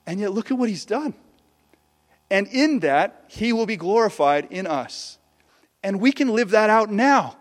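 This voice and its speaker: A man preaching a sermon with passion, swinging between loud peaks and hushed lows. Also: long reverb tail. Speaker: pastor.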